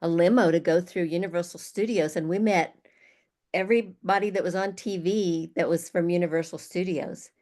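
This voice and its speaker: An older woman guest, retired, telling lively stories from her career and laughing often. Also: fairly low pitch, moderate pace. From Arizona, USA. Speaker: guest speaker. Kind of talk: storytelling.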